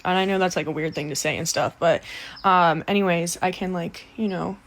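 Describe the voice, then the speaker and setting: A young woman telling a story in a casual, animated, profane way, acting out the other people's voices. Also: fairly low pitch, fairly quick.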